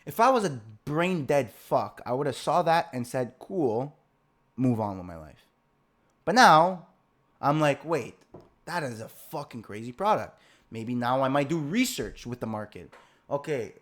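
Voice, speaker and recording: A man's voice: mid-range voice, fairly quick. Fired-up young man ranting profanely. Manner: heated, swearing, rambling with restarts. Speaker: ecommerce coach on a live call. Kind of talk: profane live-call rant.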